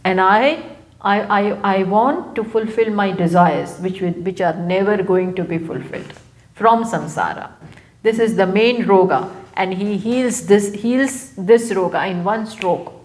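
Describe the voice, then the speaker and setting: At a live talk venue, a spiritual teacher gives a scripture lecture. She is a woman with an Indian English accent and a medium-pitched voice, taking her time and echoing important phrases to stress them.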